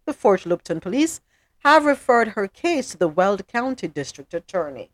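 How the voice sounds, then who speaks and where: A woman hosting a podcast who reads out news stories and then comments on them loudly and emphatically. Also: mid-range voice, sing-song, normal speed, dry recording. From South Florida. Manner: reads news items evenly, then gets loud and emphatic in her opinions. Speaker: podcast host. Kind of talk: news recap with personal commentary.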